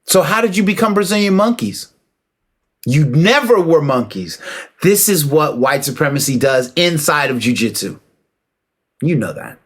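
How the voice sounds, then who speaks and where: A man giving a casual, emphatic opinion monologue, preaching and calling out to listeners with rhetorical questions and shout-outs. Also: on the high side, sing-song, normal speed. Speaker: martial arts commentator.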